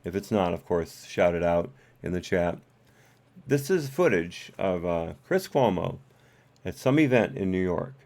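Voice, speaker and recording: A low-voiced man hosts a live stream and talks through his commentary in a loose, rambling way. He hesitates often and fills the gaps with ums and uhs. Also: animated, measured pace, gravelly, a little mellow. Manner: rambling, hesitant, with many fillers. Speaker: host.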